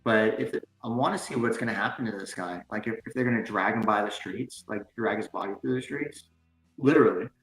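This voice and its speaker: A man's voice: lowish voice, a little fast, a bit bright. Casual man in an echoey room. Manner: loose, filler-heavy, swears in asides. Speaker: co-host. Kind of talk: casual chat and reading news aloud. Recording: roomy echo with faint music.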